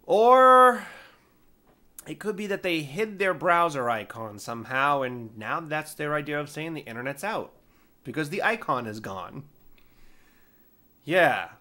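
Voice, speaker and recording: Animated, bright-voiced man telling stories. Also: a little high, measured pace, long pauses. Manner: animated, exasperated, self-mocking. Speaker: storyteller, former IT support worker. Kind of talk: casual personal storytelling.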